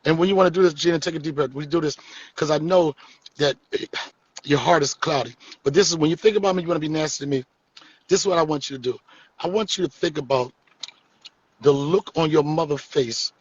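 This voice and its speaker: A man's voice: on the high side, brisk, pauses often, slightly rough, lo-fi sound. A man hosting a live stream, joking and teasing his guests in casual, profane comedic chat.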